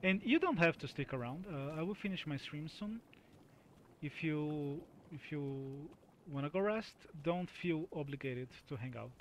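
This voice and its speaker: A slightly high-voiced man gives loose live commentary while he plays a game. He rambles, teases himself and says things twice. A steady hiss and game ambience sit behind him. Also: measured pace. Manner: chatty, self-mocking, repeats himself. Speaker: game streamer. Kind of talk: live gameplay commentary talking to chat.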